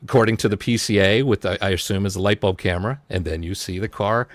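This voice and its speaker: A man's voice: lowish voice, fast, no echo. A man on a casual online panel, walking through details step by step as he makes his case.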